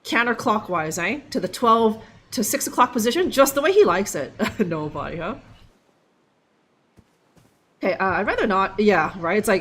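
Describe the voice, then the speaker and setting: A woman's voice: medium pitch, sing-song, normal speed, a bit bright. A young woman streaming a game live, joking and rambling with lots of fillers. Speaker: livestream gamer. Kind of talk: casual live gameplay commentary.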